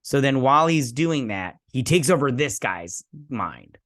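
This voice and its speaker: A male TV review channel host with a medium-pitched, slightly bright voice speaks in an animated but somewhat slow way. He rambles casually through an episode recap, dropping loose asides and filler words.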